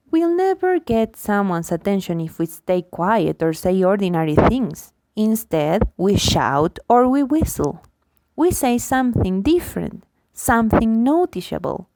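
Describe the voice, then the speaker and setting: A woman lecturer reading a book chapter aloud in an expressive, lively way, acting out the examples. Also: mid-range voice, measured pace, no echo. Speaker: linguistics lecturer.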